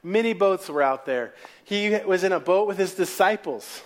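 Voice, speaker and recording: A man preaching a sermon, telling stories and dropping to quiet asides. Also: high-pitched, lively intonation, normal speed.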